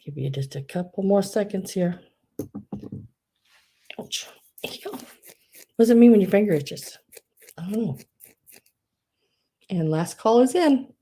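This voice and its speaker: A woman's voice: medium pitch, expressive, measured pace, long pauses, dark tone, husky. A middle-aged woman hosting a live online sale, gushing over collectible figurines and reading out bids in a chatty way. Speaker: live online auction seller. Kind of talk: live-stream sale chat.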